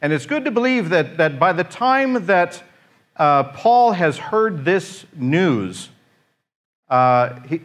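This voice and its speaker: A man preaching a conversational sermon, informal and joking, often pausing on "uh" and restarting his sentences. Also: on the high side, lively intonation. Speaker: pastor.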